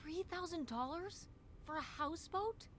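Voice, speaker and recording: A woman's voice: very high-pitched, expressive, moderate pace, fairly bright tone, slight background noise. An actress voicing a playful young woman in a story game, teasing in a mock-amazed way.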